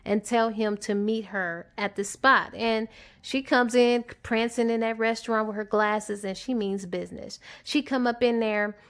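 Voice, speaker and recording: A woman giving a casual, animated movie recap in a chatty storytelling manner. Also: fairly high pitch, a little slow. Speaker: movie reviewer on her channel.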